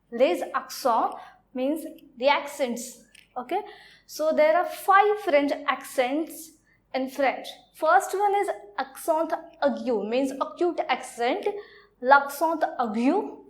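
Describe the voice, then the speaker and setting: A woman with an Indian accent giving a French lesson, explaining slowly and repeating her phrases. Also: high voice. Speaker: French teacher. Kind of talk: classroom lecture.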